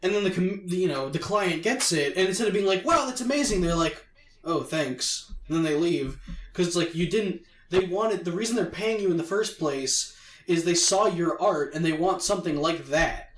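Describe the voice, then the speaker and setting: A man co-hosting a podcast in casual chat, animated, slipping into quick mimicry of others and swearing casually. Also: high voice. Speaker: podcast co-host. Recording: roomy, distant from mic.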